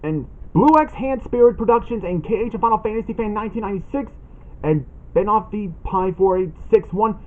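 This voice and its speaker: Man, high lively voice, indignant and accusatory, ranting vlog, dull lo-fi recording. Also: a little fast. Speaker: channel host making a callout video. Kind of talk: ranting callout vlog, reading posts aloud. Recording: dull lo-fi sound.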